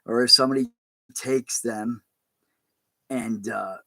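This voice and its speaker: Male pastor, casual livestream chat, halting and rambling, mid pitch, dry sound. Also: fairly even intonation, vocal fry, sharp tone, dry recording.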